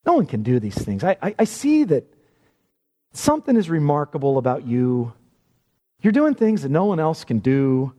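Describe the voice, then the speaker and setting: A man's voice: a little high, sing-song, moderate pace, dark tone, long reverb tail. A man preaching a sermon with emphatic, rising and falling delivery.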